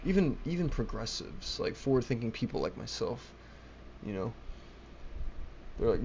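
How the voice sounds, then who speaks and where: A man's voice: mid-range voice, lively intonation, moderate pace, a little mellow, lo-fi sound, a little hiss or hum. A young man ranting alone to a webcam, agitated, swearing often and stumbling over his words. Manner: agitated, swearing, restarts and stammers. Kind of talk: rambling solo rant to camera. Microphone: laptop webcam mic.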